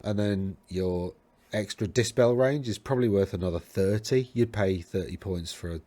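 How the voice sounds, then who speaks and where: A man's voice: on the low side, normal speed, warm tone, no room sound. A man hosting a tabletop wargame talk, rambling and correcting himself as he browses lists, with a tickly throat. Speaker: host of a tabletop wargame podcast. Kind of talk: casual talk over game lists.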